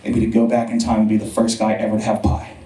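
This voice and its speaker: A man doing a stand-up comedy set in a club, telling a profane, animated story with mock old-timey voices, audience laughing behind. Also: on the low side, quick pace, background noise. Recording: roomy club audio from far mic.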